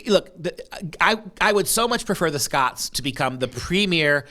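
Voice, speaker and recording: A man's voice: a little high, animated, moderate pace, bright, forceful tone. A man hosting a commentary show, theatrical and indignant, hammering his points with emphasis. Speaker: show host. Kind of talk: casual political commentary chat.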